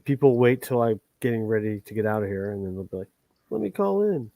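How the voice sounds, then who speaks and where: A man's voice: lowish voice, fairly even intonation, fast, dark tone, no room sound. A man hosting a livestream, ranting in a heated, profane and rambling way. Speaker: livestream host.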